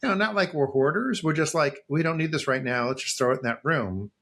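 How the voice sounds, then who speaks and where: A man's voice: fairly high pitch, lively intonation, brisk, a bit bright. A man co-hosting a podcast, talking casually and bluntly, with plenty of swearing. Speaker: podcast co-host. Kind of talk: casual chat.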